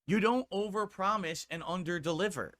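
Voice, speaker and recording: A man from the United States rants on a stream in a higher-than-usual, bright, pushing voice. He sounds indignant and swears freely. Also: normal speed. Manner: indignant, profane ranting. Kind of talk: ranting commentary on a stream.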